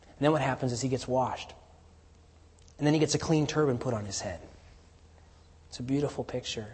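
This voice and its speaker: A man preaching a sermon, moving from emphatic lines to hushed, near-whispered stresses. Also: mid-range voice, brisk. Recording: long hall reverb.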